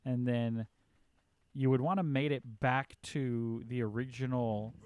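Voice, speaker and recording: A man's voice: medium pitch, steady tone, a little slow, a little mellow, clean tone. A man streaming and chatting casually, with a mid-range voice that rambles on, full of ums and restarts as he works his way through a thought. He talks like someone half-focused on the game and half on the chat. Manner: rambling, lots of fillers and restarts.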